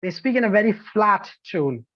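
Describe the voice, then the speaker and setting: A teacher trainer from India with an Indian English accent, giving an energetic online training lecture and often checking in with the listeners. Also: mid-range voice, normal speed, no room sound. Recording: dull lo-fi, dry sound.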